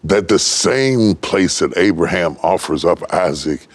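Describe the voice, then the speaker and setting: An older man from West Virginia preaching a sermon, building from low, slow telling to high, ringing shouts. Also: lively intonation. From West Virginia, United States. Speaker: pastor.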